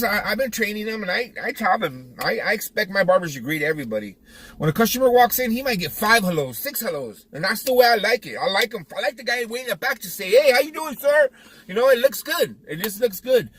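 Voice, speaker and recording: A barbershop owner who vlogs talks casually to his viewers in a Californian accent, repeating words and restarting often, as if coaching younger barbers. His voice is high and fairly bright, with a breathy edge. He drives around town first, then films inside his barbershop.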